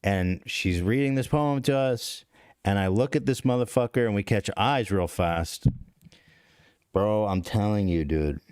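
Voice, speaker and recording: A man with a low, deep voice tells a confessional story on a podcast. He rambles, swears freely and cuts himself off mid-sentence. The sound is close and dry. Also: unhurried, darkish tone, clear, resonant tone, dry recording. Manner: rambling, profane, self-interrupting. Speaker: podcast host.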